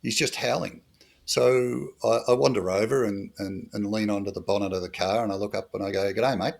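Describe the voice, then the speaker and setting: A middle-aged Australian man with a low, deep voice tells stories from his years as a bush police officer. He is dry and humorous and says a lot of "uh" and "um" in an unhurried interview. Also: fairly even intonation, vocal fry. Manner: dry humorous anecdotes with fillers. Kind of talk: storytelling interview.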